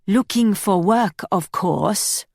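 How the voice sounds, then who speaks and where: Audiobook role: a woman voicing a smug young Flemish man, teasing and sly, even mid-range pitch. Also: takes it slowly, gravelly, dry recording, studio quality. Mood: taunting. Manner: teasing, mocking. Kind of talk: audiobook character voice.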